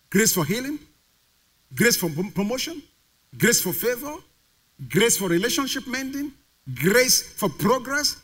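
A man's voice: very high voice, sing-song, normal speed, long pauses, a bit bright. A male pastor preaching a sermon to a congregation, putting questions to the crowd and having them call the answers back. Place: church sanctuary.

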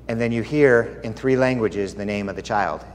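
A man's voice: fairly low pitch, normal speed, slight background noise. A man preaching as a pastor, earnest and confiding as he tells a personal story within a sermon. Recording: long hall reverb, faint ambience.

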